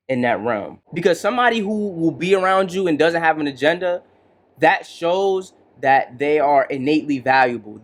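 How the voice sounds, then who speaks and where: A man hosting a podcast, giving casual commentary in a relaxed, slangy way and often asking "right?". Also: fairly high pitch. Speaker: podcast host reacting to a clip.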